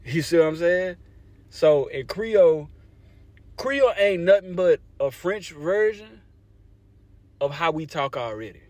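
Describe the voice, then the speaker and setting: In a dry recording, a young Louisiana man speaks with a fairly high, expressive, darkish voice, unhurried and pausing often. He's a language advocate giving a casual talk to camera, explaining conversationally and regularly checking in with listeners through "you see what I'm saying."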